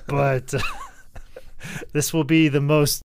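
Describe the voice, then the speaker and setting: Man with smooth, higher voice ranting. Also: flat delivery, slow pace, darkish tone, no echo. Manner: rambling, mock-serious rants. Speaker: podcast co-host. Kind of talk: comedic podcast chat.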